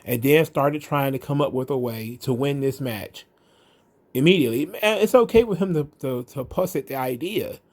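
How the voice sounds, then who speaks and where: Casual, blunt, sarcastic and profane, this wrestling commentary host speaks in a mid-range voice at a moderate pace on his own show.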